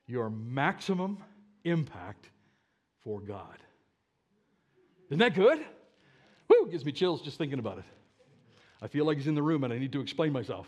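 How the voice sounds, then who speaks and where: A male pastor preaching a sermon to his congregation, swinging from loud, emphatic calls to low, quiet asides. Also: big pitch swings, moderate pace, long pauses. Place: church sanctuary with a live congregation.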